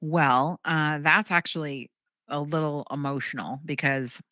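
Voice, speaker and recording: A young adult woman, a comedian guest, telling a story in casual chat and acting out quotes with big jumps in pitch. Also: steady tone, measured pace, pushed and bright, no echo, studio quality.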